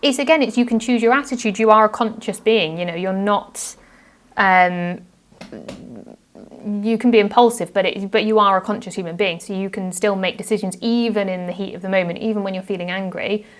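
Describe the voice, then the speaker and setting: A woman's voice: medium pitch, a little fast. Woman guest, earnest and reflective, plays out sample phrases in casual chat. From United Kingdom. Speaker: podcast guest.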